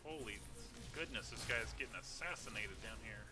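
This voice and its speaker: A man's voice: fairly low pitch, lively intonation, moderate pace, loud music behind the voice. A man chatting casually and laughing often while live-streaming a game.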